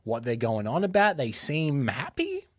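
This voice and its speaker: Chatty Australian man, mid-pitched voice. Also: wildly swooping pitch, a little slow, dry recording, clean studio sound. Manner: chatty, explains at length, jokey. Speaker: podcast co-host. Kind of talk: casual podcast chat.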